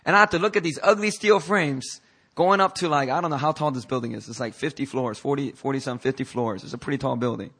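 Bright-voiced man preaching a sermon. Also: medium pitch, quick pace, husky. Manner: energetic preaching with frequent hallelujahs; calls on the congregation to repeat after him. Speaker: pastor. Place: church service.

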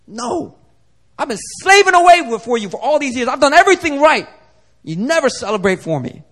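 A preacher voicing a self-righteous older brother who complains in a high, strained voice. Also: male voice, very animated, quick pace, darkish tone. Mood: indignant.

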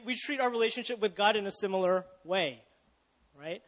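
A young man preaching in a relaxed, conversational way, with a light, high voice. He keeps asking his listeners questions and stumbles over restarts, and his words ring out with a long hall echo. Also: brisk. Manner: casual, chatty, asks the audience questions, self-interrupting. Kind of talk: sermon.

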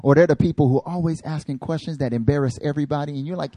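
A male pastor rattles off funny sermon stories in a rapid-fire, medium-pitched voice with few pauses and no echo. He jokes animatedly with his congregation, speaking right to them.

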